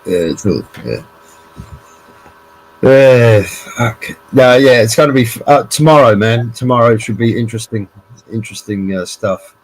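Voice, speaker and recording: A man's voice: medium pitch, unhurried, a little hiss or hum, poor audio. A man in a casual chat, rambling, swearing and repeating himself.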